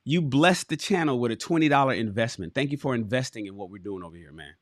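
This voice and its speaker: A man in his forties hosting a livestream, reading a book aloud and breaking off into animated, preachy storytelling riffs. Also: mid-range voice, fast talker, no echo, clean studio sound.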